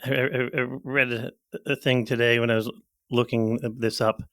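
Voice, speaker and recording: A man's voice: medium pitch, level tone, moderate pace, fairly bright tone, no room sound, clean studio sound. A middle-aged man co-hosting a podcast, chatting casually. He is reflective and self-deprecating, and he laughs easily. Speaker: podcast co-host.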